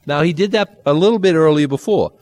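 A man preaching a Bible-teaching sermon, conversational and animated, with dry humor and sudden jumps in pitch. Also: quick pace. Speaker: pastor.

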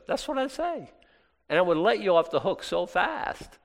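A male pastor with a fairly high, sing-song voice preaches a little fast in a casual, conversational sermon. He acts out little prayers and back-and-forth dialogue, and the recording carries long hall reverb.

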